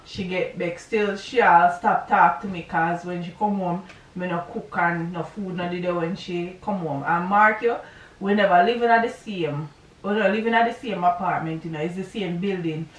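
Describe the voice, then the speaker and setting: Her lowish voice arrives at a normal speed, distant from the mic and reverberant, with poor audio quality overall. In her casual vlog, the Jamaican-accented woman tells a personal story in a rambling, chatty way, full of asides and listener check-ins.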